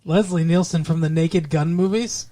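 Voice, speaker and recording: A man's voice: on the high side, fairly even intonation, moderate pace, mellow. A man hosting a podcast in casual chat, joking and teasing his co-host.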